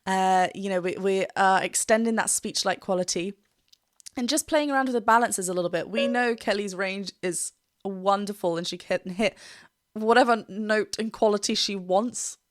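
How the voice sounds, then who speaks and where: A woman's voice: medium pitch, normal speed, dry recording, clean studio sound. A woman vocal coach giving a reaction and analysis commentary, explaining technique and breaking into short sung demonstrations.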